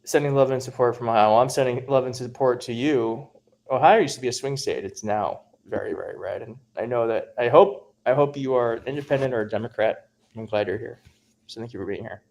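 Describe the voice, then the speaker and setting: A man's voice: medium pitch, a little fast, vocal fry, darkish tone. A man hosting a casual livestream from home, chatting and reading viewer comments aloud, laughing often. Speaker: livestream host.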